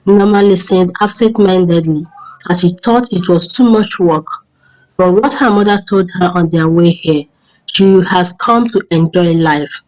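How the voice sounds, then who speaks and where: A woman narrating a folk tale in a steady, measured storytelling voice. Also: fairly low pitch, rough recording.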